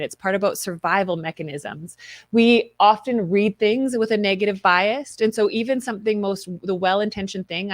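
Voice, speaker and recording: A woman's voice: medium pitch, dry recording. A woman hosting a live stream, reading viewer comments and telling candid stories with quoted inner voices.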